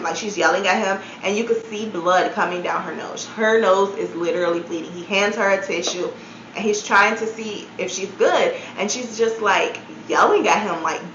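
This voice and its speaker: A woman's voice: mid-range voice, a bit bright, a little hiss or hum. A woman vlogger retelling a story in a casual, chatty way, full of "like" fillers and incredulous asides. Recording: roomy, slightly dull sound.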